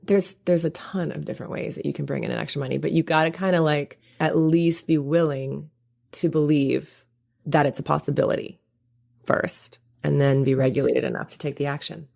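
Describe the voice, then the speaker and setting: A woman's voice: low voice, fairly even intonation, a little fast, vocal fry, darkish tone. A woman coach speaking as a podcast guest, earnest and reassuring, explaining her ideas with examples. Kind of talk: casual interview chat.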